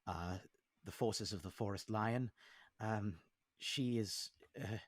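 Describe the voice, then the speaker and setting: Man playing a nervous, polite refugee who talks in halting fits. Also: on the low side, no echo, clean studio sound. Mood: worried. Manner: hesitant, apologetic, halting. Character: worried, polite man on the run.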